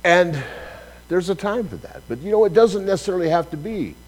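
A man preaching a sermon, telling a personal story with lively acted-out dialogue. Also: high voice, a little fast, low-quality recording. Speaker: pastor.

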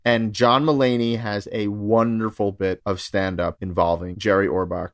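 A man's voice: fairly low pitch, little pitch movement, normal speed, dry recording. A man co-hosting a podcast, chatting casually and laughing as he retells scenes from an episode. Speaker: podcast co-host. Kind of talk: casual chat recapping a sitcom episode.

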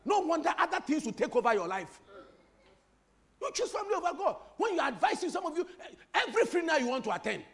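High-voiced animated preacher man. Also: fast. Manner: animated preaching with repetition and crowd-teasing humor. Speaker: pastor. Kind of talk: sermon.

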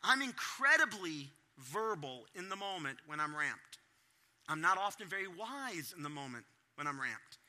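A middle-aged male pastor giving a sermon to parents, animated and acting out his own reactions in different voices. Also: fairly high pitch, moderate pace.

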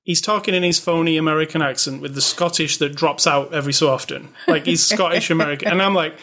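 A man's voice: fairly high pitch, fast, sharp tone. Sarcastic casual man reviewing a film. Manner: blunt, sarcastic, laughs often. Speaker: podcast co-host reviewing a movie. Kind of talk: casual chat.

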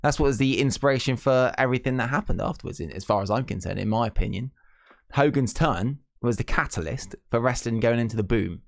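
A British man in his own voice, co-hosting a casual wrestling podcast. He talks at a middle pitch and gets opinionated, ranting and repeating his points. The sound is dry and close, with no room around it. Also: fast, vocal fry, no room sound. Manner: opinionated, rants loudly and repeats himself. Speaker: podcast co-host.

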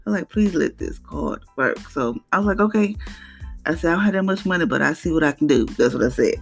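A mother sharing an emotional personal testimony, halting and earnest, close to tears, with many restarts and repeated words. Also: sits low, animated, faint music behind.

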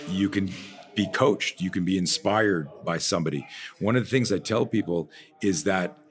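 A man who trains people in martial arts and fear management, telling stories on a podcast in an animated way, often trailing off and restarting his sentences. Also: low-pitched. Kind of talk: conversational podcast storytelling.

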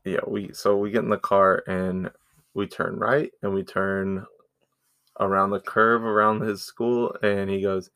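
Podcast co-host, man in his thirties, low and gravelly, acts out quotes as he tells stories. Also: measured pace. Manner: animated storytelling, acts out dialogue. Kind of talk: casual chat.

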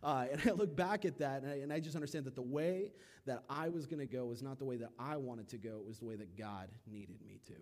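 A young man preaching a sermon, retelling a Bible story with lively voices for its figures. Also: medium pitch, fast talker, hardly any pauses. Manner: animated storytelling, acting out voices of biblical figures. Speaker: pastor.

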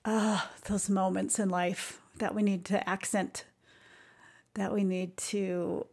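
A woman hosting a podcast, talking in an earnest, reflective way about music and life, with soft asides. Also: medium pitch, flat delivery, slow pace, gravelly. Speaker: podcast host.

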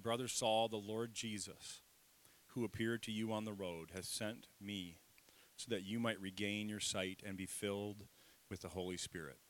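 Lively low-voiced male pastor preaching. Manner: lively, self-deprecating, leads congregation call-and-response. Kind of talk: sermon. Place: church sanctuary.

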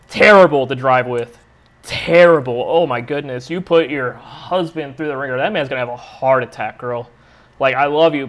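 A man's voice: mid-range voice, a bit bright. A young adult man hosting a podcast, telling a rambling, profane story in a casual, laid-back way. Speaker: podcast host.

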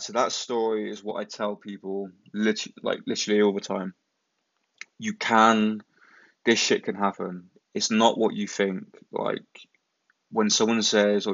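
A young man with a low voice, telling a rambling, sweary story in casual chat. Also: gravelly, a bit bright, dry recording, dull audio. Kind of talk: casual anecdote.

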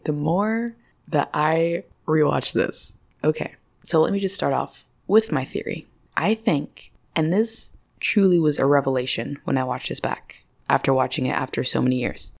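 Low, gravelly-voiced woman chatting. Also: lively intonation, moderate pace. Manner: chatty, laughs often, quotes characters in playful voices. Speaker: podcast host. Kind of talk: casual solo recap chat.

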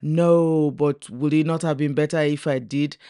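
A woman's voice: low voice, fairly even intonation, normal speed, mellow, clear, resonant tone, dry recording, studio quality, natural voice. Woman reading as a weary, pleading woman. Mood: complaining. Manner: pleading, complaining.

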